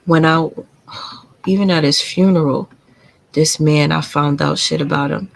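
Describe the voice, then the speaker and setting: A woman's voice: low-pitched, steady tone, unhurried, gravelly, low-quality recording. A woman hosting a live stream, telling a painful family story in a candid, confiding and profane way. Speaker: livestream host.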